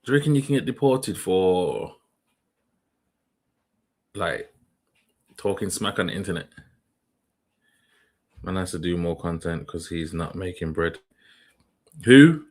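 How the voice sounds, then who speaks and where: A man's voice: low-pitched, animated, measured pace, pauses often. A young man hosting a casual reaction livestream, talking in slang, rambling and putting questions to his chat. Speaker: livestream host.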